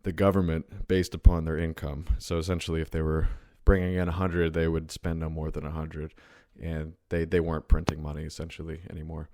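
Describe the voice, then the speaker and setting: A man in a casual podcast discussion, talking in a measured way and stumbling over his starts. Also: extremely low pitch, little pitch movement, warm tone, no echo, clean studio sound.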